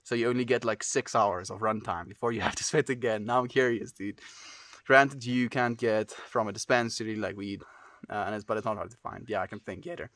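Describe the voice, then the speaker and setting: A man's voice: on the low side, steady tone, fairly quick, fairly bright tone, dry recording. A man livestreaming from home, chatting casually with viewers and reading their messages, calling them dude and friend. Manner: laid-back, calls people dude and friend.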